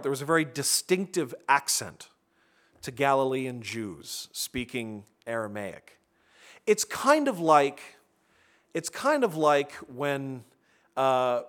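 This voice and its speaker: A man's voice: fairly high pitch, fairly bright tone. Man preaching a conversational sermon. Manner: conversational preaching with frequent restarts and asides. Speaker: pastor.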